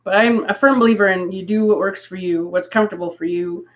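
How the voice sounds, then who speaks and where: On a craft livestream, a Canadian woman chats casually with viewers, laughing often and rambling through asides. Her voice sits at medium pitch with a steady tone, and she talks fast. The stream audio is dull and lo-fi.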